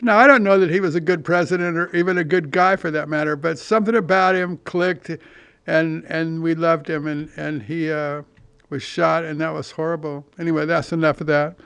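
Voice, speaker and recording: An older man from California with a high, smooth voice, rambling through stories on his own podcast. He restarts often, swears casually and pokes fun at himself. The sound is close and dry, with no room around it. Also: fairly even intonation, normal speed, fairly bright tone, no echo. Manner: meandering, profane, self-deprecating storytelling with many restarts. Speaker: podcast host. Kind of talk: rambling monologue.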